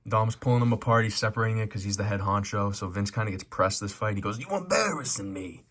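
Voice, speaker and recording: A man's voice: lowish voice, flat delivery, quick pace, fairly bright tone. A man giving casual, rambling commentary on a movie, swearing and joking as he goes. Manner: rambling, profane, joking asides. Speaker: movie reaction host.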